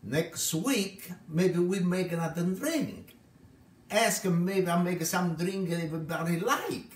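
A man's voice: high voice, slow pace, roomy sound. A man from Italy with an Italian accent, chatting cheerfully in broken English while he makes a drink on a live cooking stream. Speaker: home cook host.

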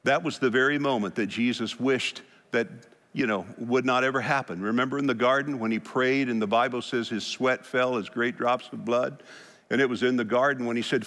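A man preaching an earnest sermon as pastor, with pauses and restarts. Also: medium pitch, fairly even intonation, a bit bright, in a large hall.

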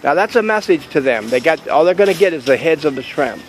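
A man's voice: a little high, sing-song, quick pace, slight background noise, rough recording. A man chatting casually to camera in a vlog outside a store, rambling and joking about deals. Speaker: vlogger.

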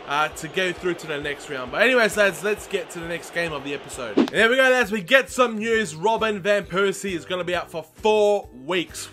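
A young man commenting live on his football video game, chatty and excitable, shouting at the big moments. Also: sits high. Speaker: gaming video host.

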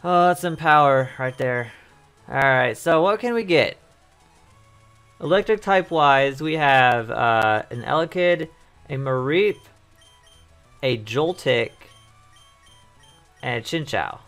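Hoarse man rambling over gameplay. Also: mid-range voice, lively intonation, slow, pauses often, fairly bright tone, soft background music. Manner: rambling, thinks aloud, repeats words. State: losing his voice. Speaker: let's play host. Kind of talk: casual gameplay commentary.

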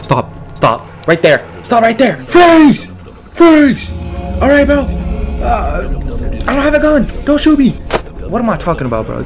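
Excitable young gamer yelling at the screen. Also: male voice, high-pitched, normal speed, music in the background. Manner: excitable, yelling orders, slangy trash talk. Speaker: gaming streamer. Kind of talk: let's play commentary.

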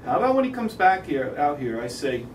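A man's voice: a little high, big pitch swings, a little fast. An actor in a stage play playing a blunt, crude man who talks dismissively about a friend's heartbreak. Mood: scornful. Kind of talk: amateur theatre acting. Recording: echoey room, mic far off, noisy.

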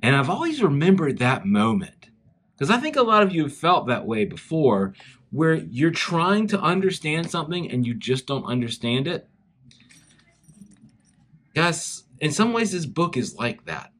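A man with a Southern US accent, from South Carolina, giving a chapel talk to schoolchildren and telling a story in an animated way straight to the kids. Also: on the high side, unhurried. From South Carolina, USA. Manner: animated storytelling, speaks directly to children.

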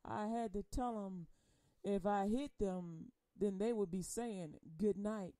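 A woman's voice: mid-range voice, slow pace, dark tone, no room sound, clean studio sound. A woman performing spoken word poetry in a rhythmic, preaching delivery, speaking in the first person as Jesus with slangy, teasing confrontation.

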